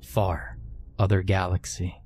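Man doing a curt alien, low, slow, few words, storybook podcast. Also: completely flat delivery, a little mellow, husky, exaggerated voice. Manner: clipped broken speech. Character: terse alien leader, curt and cold.

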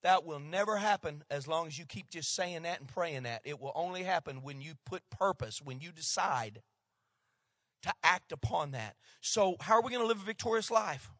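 A male pastor preaching a sermon, swinging between loud emphatic lines and hushed asides. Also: a little high, animated, moderate pace, dry recording, studio quality.

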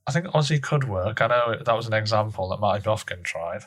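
A man co-hosts a comedy podcast with deadpan, mock-serious banter. His voice sits a little low. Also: a little fast. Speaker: podcast co-host.

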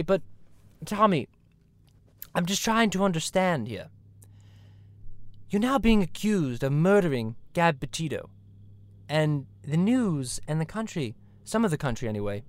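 A man hosting an improvised comedy chat, talking in a rambling, crude way with lots of restarts. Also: a little high. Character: host calling himself a cartoon baby. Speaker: host.

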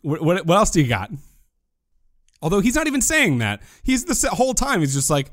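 A man's voice: fairly high pitch, wildly swooping pitch, a little fast, fairly bright tone, no room sound. Joking male podcast co-host, dry sound. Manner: joking, acts out characters' lines. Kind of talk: casual podcast chat.

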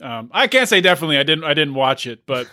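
A man's voice: fairly high pitch, big pitch swings, fast, sharp tone, no echo, clean studio sound. A man in his thirties co-hosting a casual podcast, talking hesitantly with many restarts. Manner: hesitant, lots of fillers and restarts. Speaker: podcast co-host. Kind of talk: casual comedic chat.

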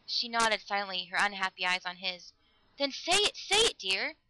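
A woman's voice: medium pitch, fairly even intonation, fairly quick, heavy background noise, close to an everyday voice. A woman reading a desperate young man in love, speaking fiercely and pleadingly.

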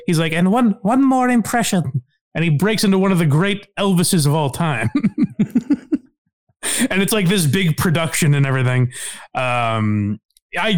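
A man co-hosting a casual comedy podcast, rambling and laughing with plenty of restarts. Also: a little high. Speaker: podcast co-host.

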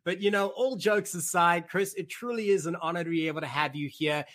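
High-voiced upbeat man hosting. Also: fairly even intonation, fairly quick, fairly bright tone. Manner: hype-man delivery, playful. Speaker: podcast co-host.

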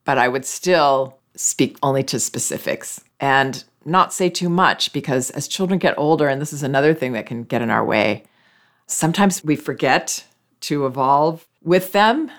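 A parenting advice host talks through listener questions in an unhurried, conversational way. The voice sits in a middling pitch and stays measured and patient. The tone is gently reassuring, like someone explaining things to parents who are struggling. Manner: calm, reflective, explains patiently.

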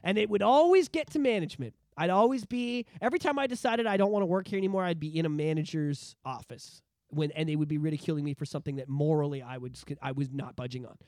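A man, co-hosting a podcast in casual chat, ranting in a profane, animated way. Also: fairly high pitch, fast talker, no room sound, clean studio sound. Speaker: podcast co-host.

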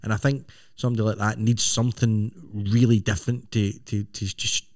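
A man's voice: lowish voice, level tone, a little fast, darkish tone, dry recording, clean studio sound. A middle-aged man, co-hosting a podcast in casual, rambling chat. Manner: rambling, self-interrupting. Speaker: podcast co-host.

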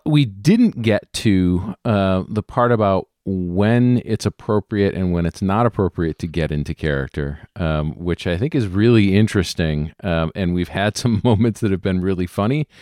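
Deep-voiced hesitant man, dry sound. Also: darkish tone, no echo. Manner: hesitant, many ums and restarts. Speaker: tabletop game player. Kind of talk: casual podcast chat.

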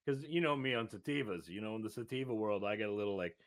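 A man's voice: lowish voice, lively intonation, fast talker. A man co-hosting a casual podcast, rambling and riffing loosely. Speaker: podcast co-host. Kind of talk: casual chat.

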